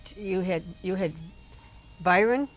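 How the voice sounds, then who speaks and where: A middle-aged woman, a mother chatting casually on a livestream, halting and often restarting her sentences. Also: mid-range voice, faint music behind. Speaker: streamer's mother, guest. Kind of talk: casual family chat on a livestream.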